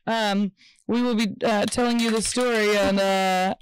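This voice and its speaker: A woman's voice: mid-range voice, fairly even intonation, measured pace, clear, resonant tone. A woman co-hosting a podcast, chatting casually with lots of fillers and restarts. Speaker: podcast co-host. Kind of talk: casual chat.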